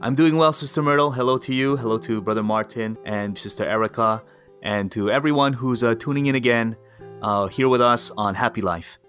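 Measured male minister over soft music. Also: mid-range voice. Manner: measured, pastoral. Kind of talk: measured religious guidance.

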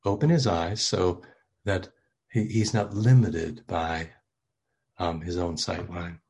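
A man giving an informal sermon as a bedtime story, talking in a halting, conversational way with many fillers, gentle and reflective. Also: deep voice, fairly even intonation, husky. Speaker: preacher.

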